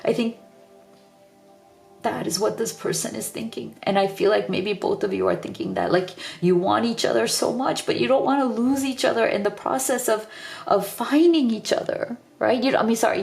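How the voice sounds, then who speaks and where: A woman's voice: a little high, moderate pace, vocal fry, darkish tone, reverberant, faint music behind. A tearful woman giving an earnest, emotional pick-a-card tarot reading, often repeating herself. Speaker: tarot reader.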